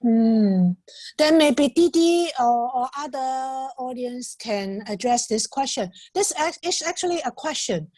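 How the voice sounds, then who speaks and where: High-voiced woman asking hesitantly. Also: expressive, a little mellow, no room sound. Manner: hesitant, halting, searching for words. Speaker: workshop participant.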